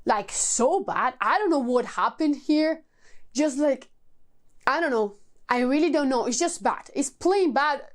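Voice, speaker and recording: A high-pitched young woman chats through a casual book review vlog. She sounds exasperated and emphatic, sighing and swearing as she piles repeated words on top of each other. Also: expressive, a little slow. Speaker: book vlogger.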